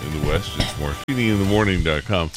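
A man's voice: low voice, fairly quick, music in the background. A middle-aged man hosting a morning radio show, stuffy and sniffling from a cold, rambling with many fillers. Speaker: radio host. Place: radio studio.

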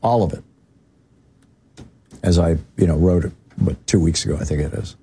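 A man's voice: normal speed, slightly rough. A man hosting a radio talk show, giving political commentary and telling anecdotes in a loose conversational way, full of fillers and restarts. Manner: conversational, many "you know" fillers and restarts; lively storyteller, jumps pitch for emphasis.

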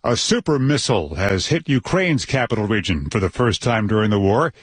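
A man anchoring a radio newscast, reading headlines with a brisk, measured delivery. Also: fairly low pitch, lively intonation, slightly rough, no room sound. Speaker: news anchor. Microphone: dry studio mic.

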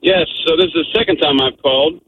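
A man's voice: on the high side, fast, far from the mic, a little hiss or hum. A man calling in to a radio show, chatting and teasing the host. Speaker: caller. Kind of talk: casual call-in chat. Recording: tinny phone line.

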